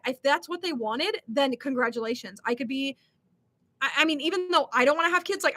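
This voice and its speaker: A woman's voice: high-pitched, bright, forceful tone. A young millennial woman hosting a casual livestream, reading chat comments and answering with lots of ums, likes and giggles. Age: young adult.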